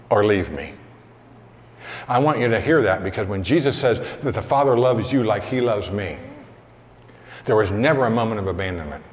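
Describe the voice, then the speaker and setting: A man preaching a sermon in a relaxed, conversational way, reading scripture slowly and with weight. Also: medium pitch. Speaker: pastor. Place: church hall. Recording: long hall reverb.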